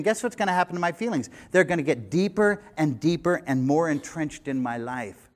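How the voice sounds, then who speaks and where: An older man in his sixties preaching a sermon, animated, swinging between loud emphasis and quiet conversational asides. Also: on the high side, fairly quick. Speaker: pastor.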